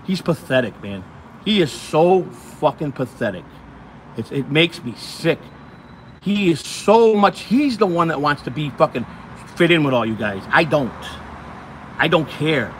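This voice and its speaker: Man, profane angry rant, fairly high voice, outdoors, phone mic, faint traffic behind. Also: expressive, a little slow. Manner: profane, ranting, repetitive. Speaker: host. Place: outdoors, walking in hot sun.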